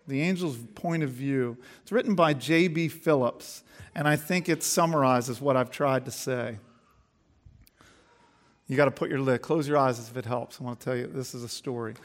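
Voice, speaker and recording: A man preaching as a pastor, earnest and dropping to a hush for emphasis, then reading a story aloud. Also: mid-range voice.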